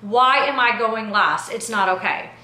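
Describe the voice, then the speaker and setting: Bright-voiced indignant woman, echoey room. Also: fairly high pitch, measured pace. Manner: animated and indignant, slangy with frequent "yo" and "like". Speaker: reality TV personality and producer. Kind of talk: casual storytime recap to camera.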